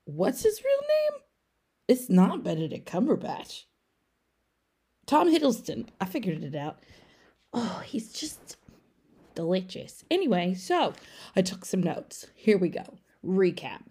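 A woman's voice: medium pitch, wildly swooping pitch, unhurried, dark tone, breathy edge. Chatty irreverent woman recapping a film. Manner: irreverent, chatty, swears casually. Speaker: podcast segment recapper. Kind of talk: casual comedic movie recap.

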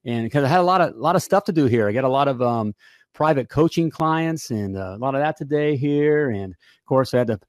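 A man's voice: medium pitch, expressive, brisk, no echo. An American man hosting a live podcast, chatting in an upbeat, folksy way and repeating himself often. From United States. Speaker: podcast host. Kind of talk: upbeat live show chat.

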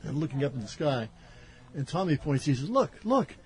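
An older man, a musician guest, telling a story in a chatty, halting way with ums. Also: mid-range voice, dark tone, a little hiss or hum. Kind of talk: casual storytelling.

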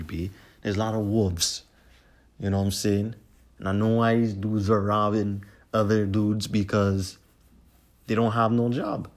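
A man's voice: lowish voice, darkish tone. A man ranting to camera with heated, profane, repetitive commentary. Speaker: vlogger.

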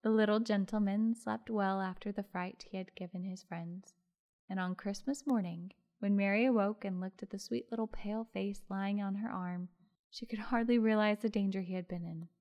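A woman narrating a classic story for an audiobook. Her reading is lively, with little asides to the listener. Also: medium pitch, normal speed, muffled recording.

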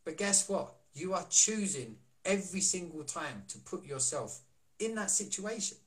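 Reading viewers' comments and asking rhetorical questions, a male wellness coach co-hosts a relaxed live stream. His voice sits high with a fairly bright tone, very animated but at a normal speed.

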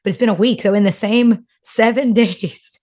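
A woman's voice: a little high, normal speed, darkish tone. A young woman from North Carolina, co-hosting a podcast in casual, emotional chat, full of "like" fillers. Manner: chatty, emotional storyteller, many "like" fillers. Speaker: podcast co-host.

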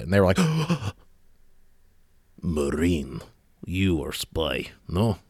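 A man's voice: low voice, dry recording, studio quality. A man delivering a sarcastic, exasperated rant in a monologue. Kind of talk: ranting monologue.

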